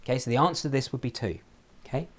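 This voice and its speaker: A man teaching a recorded maths lesson, explaining step by step and checking in with "okay?" after nearly every sentence. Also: medium pitch. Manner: lively, shifting emphasis, slows down to spell out key phrases.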